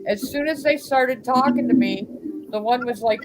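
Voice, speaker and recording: A woman's voice: on the high side, normal speed, low-quality recording. A woman from Pennsylvania, a guest on a live stream, telling a long rambling story and acting out what people said to her. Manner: rambling storyteller who acts out quotes. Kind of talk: casual chat. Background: loud music.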